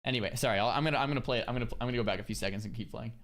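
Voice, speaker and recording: A man's voice: medium pitch, racing, very noisy. A young man streamer giving casual, laughing reaction commentary and often restarting his sentences.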